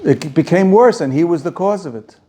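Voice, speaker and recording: Animated rabbi with a mellow voice. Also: male voice, on the high side, fairly quick. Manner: animated, rhetorical questioning, repeats phrases for emphasis. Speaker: rabbi teaching a class. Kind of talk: Torah lecture to students.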